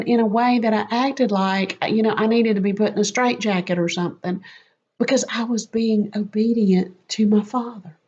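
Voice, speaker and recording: Animated woman telling a faith story. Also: mid-range voice. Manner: animated, quick and self-mocking. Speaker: speaker sharing a personal faith story. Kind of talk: storytelling testimony. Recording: slightly muffled lo-fi audio.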